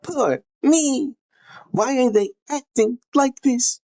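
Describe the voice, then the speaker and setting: Man doing a whiny fake victim voice, high pitched, thin and strained, mocking sing-song. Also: slow pace, warm tone. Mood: mock whining. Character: whiny adult man faking victimhood, self-pitying.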